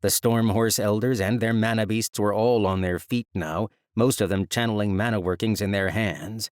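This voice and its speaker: A man narrating a fantasy audiobook in a measured, even storytelling manner, recorded close on a studio mic. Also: on the low side, smooth, dry recording.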